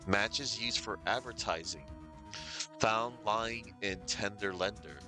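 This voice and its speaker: A man playing a dry, deadpan young lawyer. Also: slow, over music. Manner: low, flat, dry delivery.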